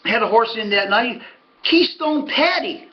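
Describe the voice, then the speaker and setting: A man's voice: very high-pitched, animated, moderate pace, highs cut off. A middle-aged American man rambling through a casual monologue, telling stories with folksy asides. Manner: chatty storyteller, folksy asides. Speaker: horse racing handicapper and host.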